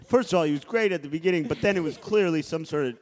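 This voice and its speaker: A man co-hosting a casual comedy podcast, quick and incredulous as he riffs on his friends' jokes. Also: on the high side, a little mellow. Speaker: podcast co-host.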